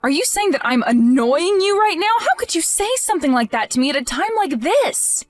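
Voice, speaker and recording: A woman's voice: sits high, very animated, a little fast, dry recording. A woman playing a grieving, indignant young wife. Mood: outraged. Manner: emotional, pleading, rising to outraged. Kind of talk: acted text-message drama.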